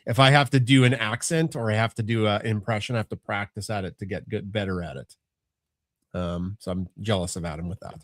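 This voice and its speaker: A man's voice: on the low side, fairly quick, a bit bright, no room sound. Middle-aged guy chatting on a family podcast, rambly, lots of restarts, dry close sound. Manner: rambling, restarts often, chuckles. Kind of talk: casual chat.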